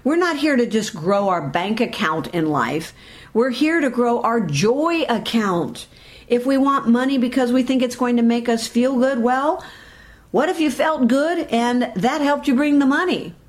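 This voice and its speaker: Animated woman giving a motivational talk. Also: fairly high pitch, a little slow. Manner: animated, direct, addresses listeners as "people". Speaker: motivational speaker.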